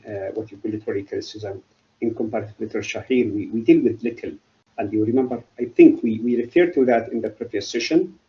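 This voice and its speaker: A middle-aged man giving a university literature lecture, halting and often asking then answering his own questions. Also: on the low side, muffled recording. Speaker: literature professor.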